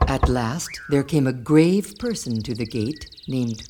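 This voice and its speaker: A woman narrating a radio drama in an expressive, formal storytelling manner. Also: a bass voice, measured pace. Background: music.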